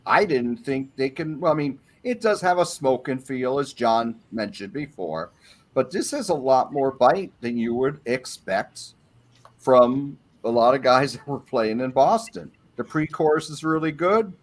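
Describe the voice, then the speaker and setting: A man's voice: mid-range voice, animated, measured pace. A man on a panel, going through an album track by track and giving his opinions in a casual way.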